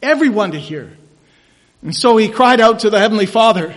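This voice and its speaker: A man preaching a sermon as pastor, emphatic and rising to loud declarations, in a church sanctuary. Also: high voice, animated, fairly quick. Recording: church hall reverb.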